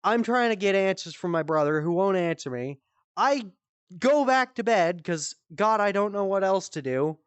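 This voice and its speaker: A woman hosting a comedy stream, telling a story in casual, animated style, swearing freely and jumping high for quoted voices. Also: moderate pace, clear, resonant tone, dry recording, muffled recording. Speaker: comedy show host. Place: virtual-world live stream.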